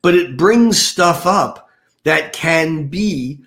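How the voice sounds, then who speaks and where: An older man with a fairly high voice discusses the month ahead on a podcast. He rambles, restarts his sentences and fills the pauses with ums. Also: animated, fairly bright tone. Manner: rambling, many fillers and restarts. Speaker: astrologer guest.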